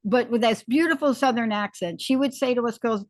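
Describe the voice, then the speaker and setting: A woman's voice: on the high side, a little fast, hardly any pauses, no room sound. A woman hosting a podcast conversation, encouraging and folksy, often affirming her guest. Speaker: podcast host. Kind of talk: conversational interview.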